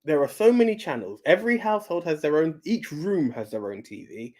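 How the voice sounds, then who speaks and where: A man's voice: on the high side, sing-song, fairly quick, darkish tone. A young man co-hosting a podcast, rambling earnestly through his opinions. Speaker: podcast co-host. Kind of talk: casual chat.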